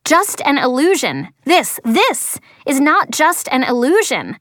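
A woman voicing an upset young female music student who trembles and shouts in protest. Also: on the high side, moderate pace, no room sound, studio quality, lightly acted. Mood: angry. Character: frightened, angry young girl, a music student.

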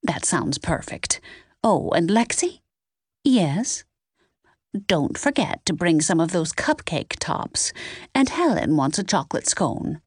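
A woman reading a cozy mystery audiobook voices an elderly grandmother in a slightly higher, hesitant voice. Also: very animated, takes it slowly, slightly rough, no echo, clean studio sound, heavily acted. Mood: eager.

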